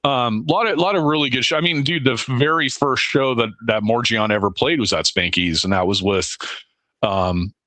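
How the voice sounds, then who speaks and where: A middle-aged man co-hosting a podcast, halting and profane, often repeating words. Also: mid-range voice, sharp tone, no room sound. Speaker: podcast co-host. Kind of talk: casual podcast chat.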